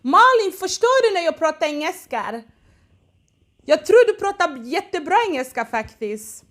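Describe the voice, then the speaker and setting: Woman from Cameroon, high voice, casual live-stream chat, greets viewers by name. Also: very animated, normal speed. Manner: chatty and warm, switching between English and Swedish, greeting commenters by name. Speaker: channel host on a live stream.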